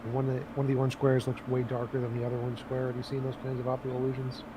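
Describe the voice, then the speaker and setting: A man's voice: medium pitch, monotone, very fast. A male co-host in a casual debate, arguing with rhetorical questions and everyday examples. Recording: noisy background.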